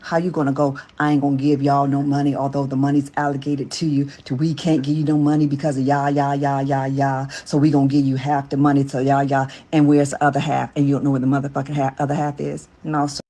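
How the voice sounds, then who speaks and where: A speaker in a clip rants angrily, cursing and mocking in a flat delivery. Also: medium pitch, fast talker, hardly any pauses. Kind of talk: angry street rant clip.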